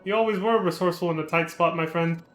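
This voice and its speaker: A man voicing a gruff middle-aged male airship engineer, reading game dialogue aloud with earnest feeling. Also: a little high, quick pace, echoey room, faint music behind, natural voice. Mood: wry.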